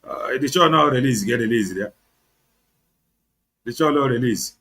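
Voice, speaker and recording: A man's voice: mid-range voice, lively intonation, moderate pace, sharp tone. A Nigerian man with an Igbo accent, hosting an online show, giving heated, sarcastic political commentary and switching between English and Igbo. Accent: Nigerian, Igbo-speaking.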